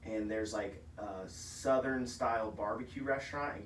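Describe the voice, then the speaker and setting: Guy cohosting a food podcast, chatty and excited, roomy echo. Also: on the low side, moderate pace, recorded from a distance, a little hiss or hum. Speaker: podcast co-host. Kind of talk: casual chat. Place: office.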